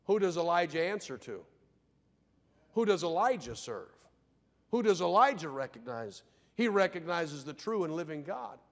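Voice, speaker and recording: A man pastor preaching a sermon, firing rhetorical questions and swinging between loud declarations and hushed asides. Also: a little high, sing-song, normal speed, long pauses. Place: church sanctuary. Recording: long church reverb.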